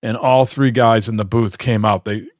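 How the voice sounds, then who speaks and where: A man's voice: on the low side, steady tone, normal speed, no echo, studio quality. A man co-hosting a podcast, telling a rambling, exasperated story in casual chat and swearing freely. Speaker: podcast co-host.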